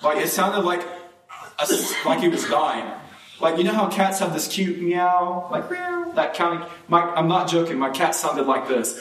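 Guy preaching in a church, tells stories all animated, voice kinda high, sounds a bit far off in a roomy hall. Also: normal speed. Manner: animated storyteller, voice jumps high when excited. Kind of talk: sermon with a personal story.

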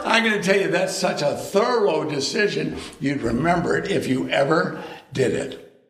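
A man's voice: a little high, expressive, moderate pace, reverberant. A man preaching a sermon in a conversational, emphatic way, now and then raising his voice. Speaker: pastor.

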